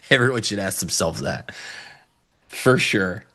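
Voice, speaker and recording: A man's voice: fairly low pitch, a bit bright. A man co-hosting a live trading stream in casual banter, joking and playful, fond of dad jokes. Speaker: co-host and futures trader.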